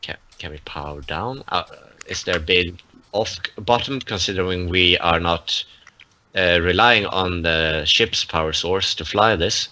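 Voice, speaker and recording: Bright, chatty man player. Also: low-pitched, measured pace, a little hiss or hum. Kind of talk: casual tabletop play.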